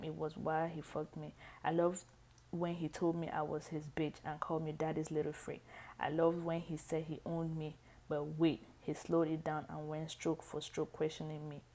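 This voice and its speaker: A woman reading a book aloud, halting and often restarting lines. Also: low voice, level tone, dark tone. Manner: halting, frequent restarts and stumbles. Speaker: reader.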